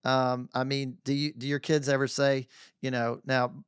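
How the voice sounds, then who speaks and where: A man hosting a podcast, asking relaxed questions with easy fillers. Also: medium pitch, moderate pace, clean tone, dry recording, clean studio sound. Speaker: podcast host. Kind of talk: interview conversation.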